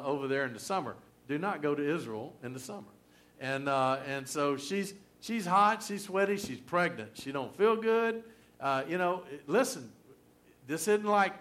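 A middle-aged man, preaching a sermon in a folksy, animated storytelling way with humor. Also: fairly high pitch. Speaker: pastor.

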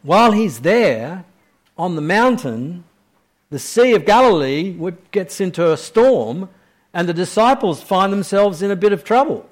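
A man preaching a sermon. He swings between raised, urgent questions and hushed, slow emphasis, and repeats key phrases for weight. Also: sits high, lively intonation.

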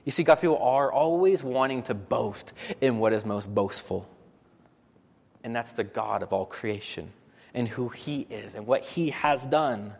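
Animated preacher in a reverberant hall. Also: male voice, medium pitch, unhurried, vocal fry, slightly rough. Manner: animated, rhetorical questions, repeats for emphasis. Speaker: pastor. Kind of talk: sermon.

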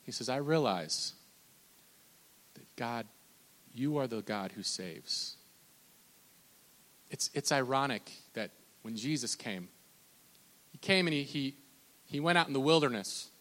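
Man, pastor preaching, forceful bright voice, restarts and repeats words, long hall echo. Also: mid-range voice, expressive, takes it slowly, long pauses. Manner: impassioned, repetitive, with frequent restarts and stammered repeats. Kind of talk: sermon.

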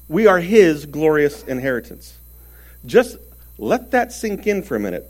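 A man preaching a sermon earnestly, stressing words and swinging between loud and soft. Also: fairly high pitch, very animated, unhurried.

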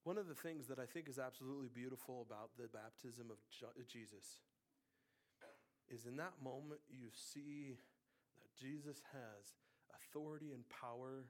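A man in his thirties preaching a sermon, moving between hushed, quiet passages and loud, emphatic bursts. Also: medium pitch, slight background noise. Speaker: pastor.

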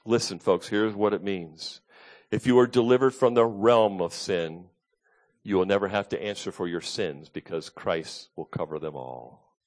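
A man's voice: sits low, moderate pace, a little mellow. A man preaching an earnest, emphatic expository sermon as a pastor.

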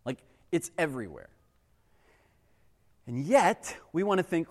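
A man giving a casual, conversational sermon as a pastor, animated and acting out exasperated voices. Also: fairly high pitch, a little slow, pauses often, long reverb tail.

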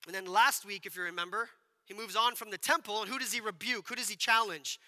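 A man's voice: high voice, quick pace, bright, forceful tone. A man preaching a sermon to a congregation, casual and conversational, asking questions and acting out quotes. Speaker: pastor. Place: church hall with congregation. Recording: long hall reverb.

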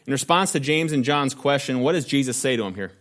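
A man preaching a sermon, asking rhetorical questions and slowing down to stress key phrases. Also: medium pitch, expressive, fairly bright tone. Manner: earnest preaching with rhetorical questions, slows for emphasis. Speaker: pastor.

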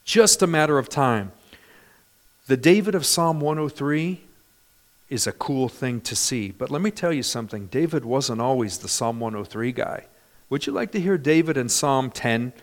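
A man's voice: medium pitch, lively intonation, moderate pace. A man in his fifties preaching a sermon in an emphatic, conversational way, often asking his congregation for an amen. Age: 50s. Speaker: pastor.

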